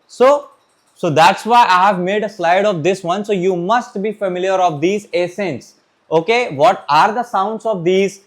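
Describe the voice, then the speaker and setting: A man teaches a beginners' French lesson in a high, light voice. He talks in a loose classroom way, restarts his sentences, and keeps calling out "okay, my friends" to his students. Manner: repeats "okay, my friends", restarts and pauses while writing. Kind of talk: classroom lecture.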